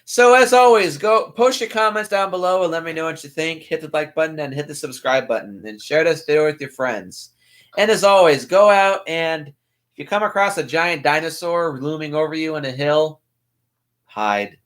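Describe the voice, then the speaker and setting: Young guy hosting a movie podcast, blunt opinions, a bit high pitched, lots of ums. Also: moderate pace, fairly bright tone. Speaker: podcast host. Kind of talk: casual movie review chat.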